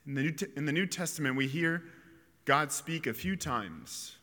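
The voice is on the high side, pushed and bright, belonging to a priest or preacher. He delivers an earnest, reflective homily with pauses and restarts, recorded amid a chapel's long echo.

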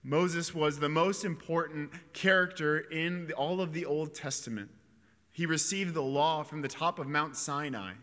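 A long chapel echo trails the words of a priest or preacher whose voice runs on the high side with a fairly bright tone. His homily is earnest and reflective, broken by pauses and fresh starts.

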